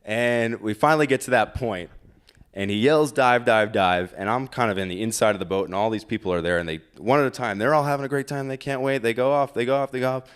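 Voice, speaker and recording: A man's voice: medium pitch, quick pace, smooth. A man telling a personal story on stage at a live storytelling event, conversational and self-deprecating.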